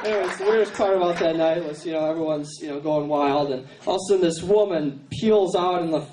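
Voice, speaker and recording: A young adult man doing a stand-up routine in a halting, rambling way, full of fillers, on a university stage. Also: a little high. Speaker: stand-up comedian. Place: university contest stage, live audience. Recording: echoey hall, distant camera, crowd, noise.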